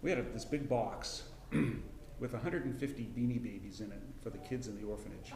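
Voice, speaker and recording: A middle-aged man teaching a casual Bible class, folksy and rambling, with frequent restarts and throat clearing. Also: fairly low pitch, moderate pace, a little mellow, echoey room. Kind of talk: casual Bible lesson with personal story. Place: church classroom.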